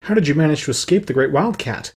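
A group of anxious little field mice from a storybook fret about their queen, voiced by a man reading aloud. The voices are raised a little higher, with a husky grain underneath. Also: animated, quick pace. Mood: worried. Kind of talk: audiobook character voice.

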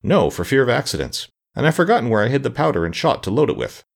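A man's voice: medium pitch, very animated, creaky, voice pushed up. A man reading aloud and voicing a timid, bumbling male soldier in a storybook. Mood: sheepish. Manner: slow and sheepish.

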